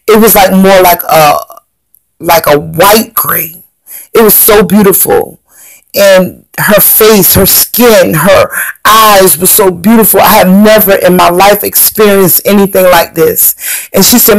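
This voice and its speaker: A woman's voice: mid-range voice, a little slow, gravelly, dry recording, rough recording. A woman earnestly telling viewers a personal story, repeating phrases and speaking to them directly. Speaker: storyteller recounting a near-death experience.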